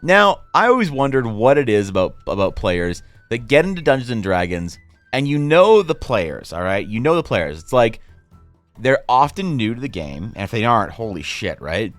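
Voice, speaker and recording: A man streaming, chatting casually while he draws, in a rambling, profane, animated way. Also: mid-range voice, normal speed, no room sound, faint music behind.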